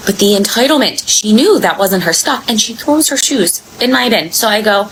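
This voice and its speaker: A woman vlogger telling a travel story in a casual, sassy, animated way, acting out the other people. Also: medium pitch, normal speed, hardly any pauses, slight background noise, low-quality recording. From Miami.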